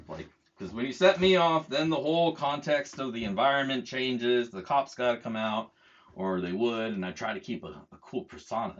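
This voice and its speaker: A man's voice: medium pitch, a bit bright. A middle-aged man telling a story as a heated casual rant, swearing freely and mocking other people's words. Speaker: channel host. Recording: dull lo-fi sound.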